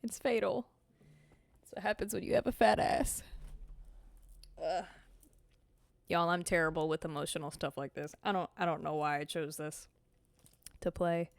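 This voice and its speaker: A woman streamer reading a visual novel aloud and breaking off into animated, slangy, swearing reactions to her chat. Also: on the low side, moderate pace, gravelly, pauses often, no room sound.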